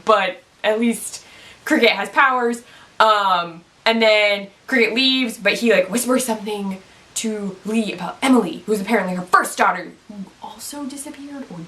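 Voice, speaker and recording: A woman vlogging a quick, casual TV episode recap, chatty and excitable with lots of fillers. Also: mid-range voice.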